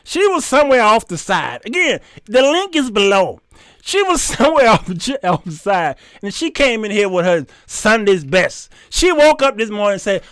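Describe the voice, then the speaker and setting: An animated man telling a comedic story to his viewers, laughing as he goes. His voice is fairly high for a man. The sound is dry and close, with no room echo. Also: moderate pace, smooth. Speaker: show host. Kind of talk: comedic commentary.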